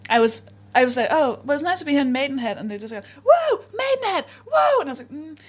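A woman's voice: high-pitched, very fast, slightly rough. A British woman comedian, a rambling storyteller who laughs often in casual podcast chat. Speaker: comedian guest.

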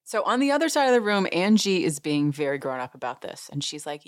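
A woman's voice: fairly low pitch, very animated, fairly quick, few pauses. A woman hosting a podcast, casually recapping a show as an amused, chatty storyteller who laughs and acts out what others said. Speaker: podcast host.

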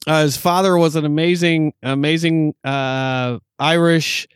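A man in his forties from New York State chats casually as co-host, rambling and stopping often with fillers. His voice sits a little high. The sound is close and dry. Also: steady tone, clear, resonant tone, no echo. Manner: rambling, halting with many fillers. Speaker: podcast co-host. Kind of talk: casual chat. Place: Southern California.

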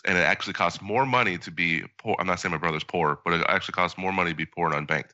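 Wry man with a low bright voice. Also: rapid-fire, no room sound, lo-fi sound. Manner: wry, lists details matter-of-factly. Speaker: podcast co-host. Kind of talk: casual chat.

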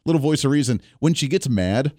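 A man's voice: mid-range voice, expressive, a little fast, warm tone, no echo. Upbeat chatty male radio host. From Kansas. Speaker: radio talk show host. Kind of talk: energetic radio talk monologue. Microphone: studio microphone. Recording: dry studio sound, faint music.

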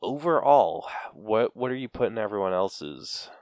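A male podcast co-host with a voice on the low side, slightly mellow and lively in intonation, chats casually at a normal pace, rambling with lots of fillers and laughing often. The recording is dry and of studio quality.

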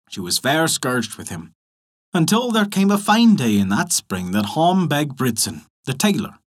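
A man narrating a folk tale in an expressive storytelling manner. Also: on the high side.

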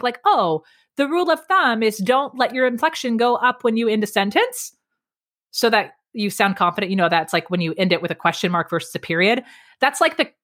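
A middle-aged woman guest on a podcast, explaining speaking tips in an energetic, emphatic way, varying her pace and pitch. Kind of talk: lively podcast interview.

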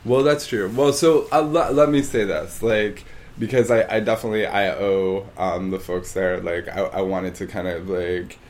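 A man's voice: sits low, fairly even intonation, normal speed, a little mellow. A man co-hosting a podcast in casual chat, rambling and hesitant with many fillers. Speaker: podcast co-host.

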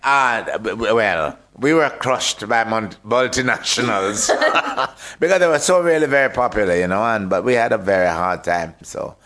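Older jamaican guy, lowish voice, chatty storyteller on a radio interview, laughs a lot. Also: moderate pace. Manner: lively, laughs often, repeats words. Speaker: interview guest, actor.

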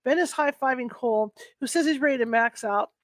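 A woman reading a first-person novel aloud in a soft, unhurried way, with small restarts. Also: high-pitched, no room sound. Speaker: book reader.

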